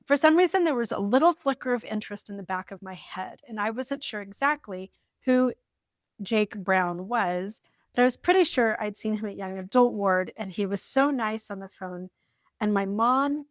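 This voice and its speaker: A woman's voice: moderate pace, no room sound, studio quality. A woman in her forties from the United States, telling her story in a wry, lighthearted way while reading from an old journal. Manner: wry and lighthearted, with sudden lifts of pitch. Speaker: vlogger.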